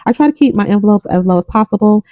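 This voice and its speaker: A woman's voice: mid-range voice, lively intonation, very fast, warm tone, no echo, rough recording. A young adult woman vlogging about her budget, counting bills aloud and telling a story between counts. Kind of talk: casual chat while counting cash.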